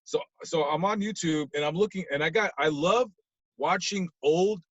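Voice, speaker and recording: Guy on a podcast telling a wild story, bright kinda high voice, gets loud then mumbly. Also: normal speed, no echo, highs cut off. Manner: acts out voices, swings from loud outbursts to low mumbles. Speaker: podcast guest. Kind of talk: animated storytelling. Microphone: podcast mic.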